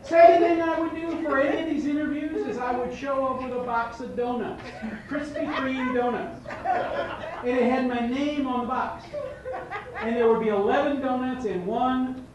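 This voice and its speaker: Animated man speaking in an echoey hall. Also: very high-pitched, moderate pace. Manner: animated storyteller acting out dialogue with humor. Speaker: motivational speaker. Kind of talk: live seminar talk to an audience. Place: large event room. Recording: echoey hall from far off with faint noise.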